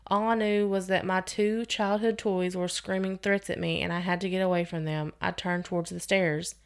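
A woman's voice: on the low side, moderate pace, clean tone. Woman reading a spooky story aloud. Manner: expressive reading, now and then restarting a phrase. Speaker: podcast host reading stories.

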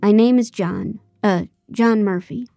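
A woman's voice: mid-range voice, unhurried, vocal fry, warm tone, no echo, clean studio sound, faint music behind. A woman reading the part of a nervous male TV producer who rambles anxiously.

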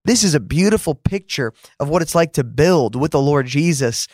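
A man's voice: fairly high pitch, expressive, moderate pace, a little mellow, no room sound, clean studio sound. A man preaching a fervent podcast sermon, repeating words for emphasis and rising to exclamations.

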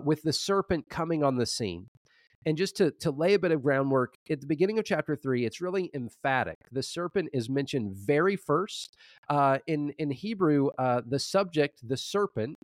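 A man co-hosting a scholarly debate show, presenting his position in a measured way with frequent restarts. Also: mid-range voice, no echo. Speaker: co-host, Old Testament scholar.

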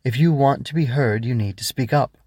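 A man's voice: medium pitch, fairly quick, darkish tone, slightly rough, no room sound, studio quality, pitched above the performer's own voice. A man voicing a small glowing magical bug in a children's story, prim, polite and insistent.

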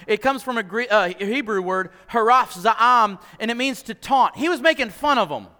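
Male pastor, sermon, animated, acts out quotes, very high voice, long church-hall reverb. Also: moderate pace. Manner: animated, acts out quotes, repeats words as he restarts.

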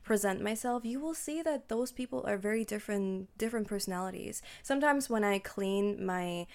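A woman's voice: medium pitch, brisk. A woman in her twenties hosting a casual solo podcast, talking in a chatty, reflective way with frequent "like"s and restarts. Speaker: podcast host.

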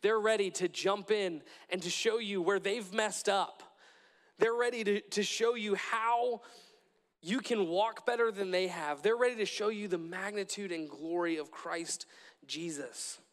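A man's voice: high-pitched, a little slow, fairly bright tone, long reverb tail. A young man preaching a sermon in a church, earnest and repetitive, often restarting his phrases.

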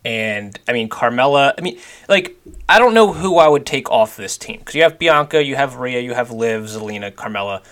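A man's voice: medium pitch, normal speed. Opinionated man on a wrestling podcast. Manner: relaxed, opinionated, heavy on "like". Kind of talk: casual recap chat.

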